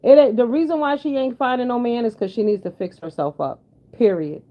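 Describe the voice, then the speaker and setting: A woman's voice: fairly high pitch, brisk. A woman giving blunt, sassy, profane commentary in casual chat with her viewers. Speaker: commentary vlogger. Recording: dull lo-fi sound.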